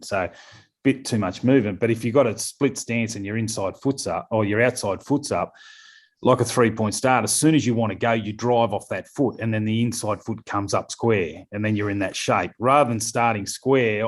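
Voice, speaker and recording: A middle-aged Australian man, a scrum coach talking in a casual podcast interview, rambling with lots of fillers and repeated words. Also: on the low side.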